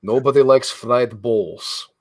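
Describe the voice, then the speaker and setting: A man doing a deadpan sidekick. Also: medium pitch, takes it slowly, no room sound, clean studio sound. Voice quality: clipped broken English.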